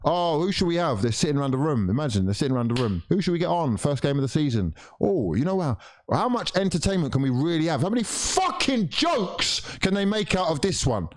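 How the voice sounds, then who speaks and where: Sweary man ranting at football. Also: fairly quick. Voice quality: lively swings of pitch and loudness. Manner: exasperated, sweary, ranting at his team. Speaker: football watchalong streamer. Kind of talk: live football watchalong rant.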